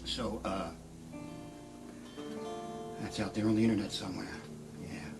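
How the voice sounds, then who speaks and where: A middle-aged man doing rambling, deadpan stand-up storytelling on a live stream from his shed, with sudden shouted outbursts. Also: lowish voice, a little slow, vocal fry, over music. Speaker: comedian and musician. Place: home shed.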